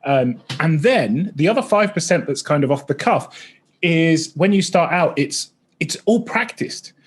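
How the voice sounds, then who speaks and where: A man in his thirties, a streamer and former stand-up comic, chatting excitably in a rambling interview full of tangents. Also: a little high, unhurried, slightly rough. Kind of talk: casual interview chat.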